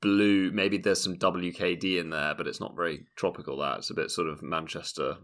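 A man's voice: low voice, little pitch movement, fairly quick, fairly bright tone. A man co-hosting a podcast in casual comedic chat, playful and jokey. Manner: playful, jokey, puts on silly voices. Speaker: podcast co-host.

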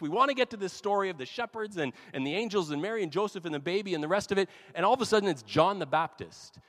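A man's voice: high-pitched, fairly bright tone. A man preaching a sermon as pastor, talking in a casual, conversational way with asides. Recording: long hall reverb.

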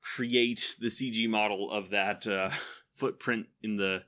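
Bright-voiced man rambling happily. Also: lowish voice, steady tone, slow. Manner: rambling, enthusiastic, laughs often. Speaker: podcast co-host. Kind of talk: casual chat.

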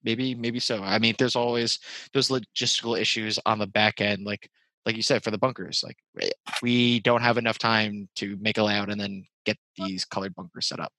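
A man's voice: on the low side, flat delivery, normal speed, pushed and bright, no echo, poor audio. A man from New Jersey chatting casually as a guest, hesitant and full of fillers. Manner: hesitant, stacks filler words. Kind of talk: casual chat.

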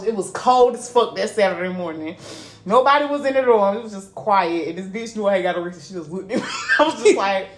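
A young woman podcast co-host, telling an animated, profane story in casual chat and laughing often. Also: mid-range voice. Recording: echoey room with faint ambient noise.

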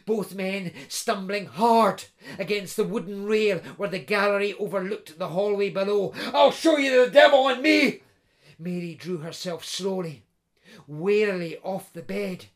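Creaky-voiced male audiobook narrator. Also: high-pitched. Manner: vivid storytelling, building tension in action scenes.

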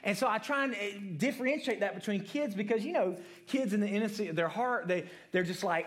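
A man's voice: high-pitched, a little fast, hardly any pauses. A man giving a conversational sermon to adults, often asking the room questions and ending points with "right?", with many repeated words and restarts. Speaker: preacher.

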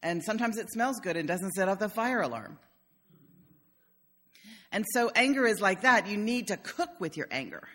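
A woman's voice: mid-range voice, lively intonation, normal speed, long pauses. An older woman pastor giving a conversational sermon in a church, telling stories with humor. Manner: warm storytelling with humor.

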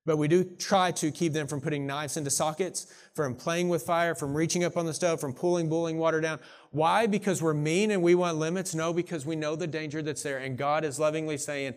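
A man who is a pastor preaching a sermon, earnest and swinging between hushed, intimate moments and emphatic declarations, a parent of young children. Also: fairly high pitch, fairly even intonation, normal speed. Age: young adult or middle-aged, parent of young children.

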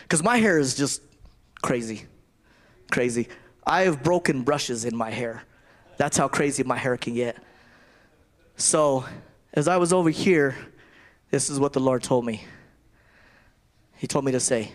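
A man's voice: medium pitch, moderate pace, pauses often. A man giving a conversational sermon, often repeating and restarting his phrases. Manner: conversational preaching with repetitions and restarts. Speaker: preacher.

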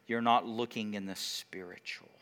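A man preaching a sermon, asking the congregation questions and swinging between loud emphasis and quiet, drawn-out words. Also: fairly low pitch, fairly even intonation, clean tone. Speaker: pastor.

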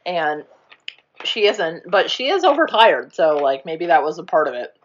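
A woman's voice: low voice, big pitch swings, moderate pace, lo-fi sound. A young woman chatting casually, rambling through a movie plot, swearing now and then and acting out the characters' lines. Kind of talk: casual chat retelling a movie.

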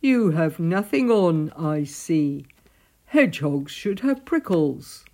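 A woman voicing a gruff, scornful male badger in a storybook reading, slow and barking. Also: low-pitched, lively intonation, a little mellow, voice pushed down, full character voice.

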